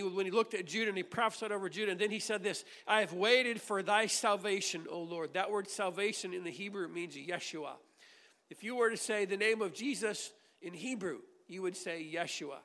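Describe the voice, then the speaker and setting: Man, pastor, sermon, high voice, earnest, repeats words, long hall reverb. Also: fairly bright tone. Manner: earnest preaching with repetitions and scripture readings.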